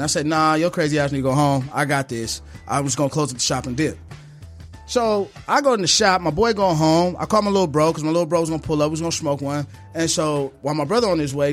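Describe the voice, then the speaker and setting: Barber, casual storyteller; quick, high, profane, does the voices. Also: male voice. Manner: animated, acts out voices in his story; slangy, profane street talk.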